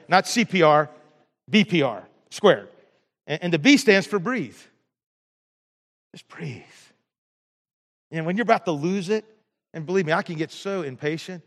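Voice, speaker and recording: A man's voice: fairly high pitch, a bit bright, in a large hall. A pastor delivering an emphatic sermon in a church, repeating words and restarting his sentences. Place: church sanctuary.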